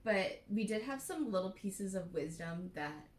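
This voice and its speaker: A woman co-hosting a casual podcast, joking, swearing lightly and laughing loudly. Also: medium pitch, lively intonation, unhurried, roomy sound. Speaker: podcast co-host. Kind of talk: casual chat.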